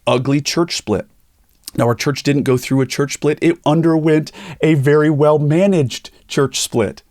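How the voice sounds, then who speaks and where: Animated middle-aged male podcast host. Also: fairly high pitch, unhurried, dry recording, studio quality. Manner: animated storytelling, acts out quoted voices. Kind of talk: candid conversational podcast talk.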